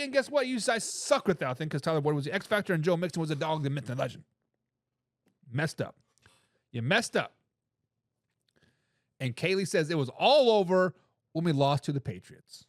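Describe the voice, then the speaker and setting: A man hosting a live sports talk show, giving loud opinions on football and reading out viewer comments. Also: high voice, fairly quick, no echo, clean studio sound. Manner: animated, opinionated, reads chat comments aloud.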